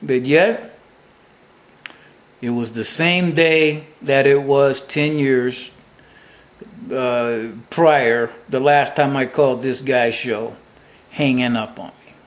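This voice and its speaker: A man's voice: medium pitch, slow, long pauses. A man hosting his own show, commenting on a radio clip in a boastful, taunting way. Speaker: public-access show host. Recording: roomy echo.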